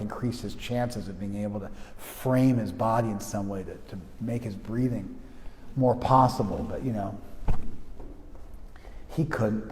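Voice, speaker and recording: A man teaching a group in a loose, conversational way, stopping to ask whether listeners follow. His voice sits at a middle pitch. A long reverb hangs behind it. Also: warm tone, slight background noise. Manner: conversational, frequent restarts, checks listeners with "you follow?". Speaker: spiritual teacher. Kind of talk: informal talk to a group.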